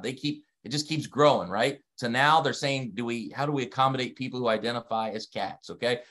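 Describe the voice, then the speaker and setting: A man's voice: a little high, fairly bright tone. A man in his forties with a Delaware accent, preaching an online sermon with emphatic repetition and frequent calls to the listeners. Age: 40s. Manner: emphatic, repeats key phrases, asks listeners to respond. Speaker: pastor. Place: streamed online service.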